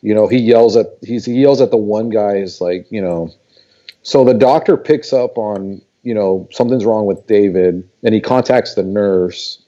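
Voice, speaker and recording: A man's voice: on the low side, moderate pace, warm tone, muffled recording. A man co-hosting a film podcast, summarizing plots in a rambling way with many fillers. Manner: rambling plot summary, many you-knows. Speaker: podcast co-host. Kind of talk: casual film review chat.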